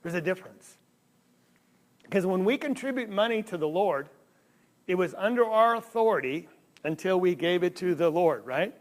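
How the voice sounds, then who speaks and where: A man teaching a Bible class in a church hall, animated and asking the listeners questions. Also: high voice, moderate pace, pauses often. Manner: animated, asks the audience questions. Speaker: preacher.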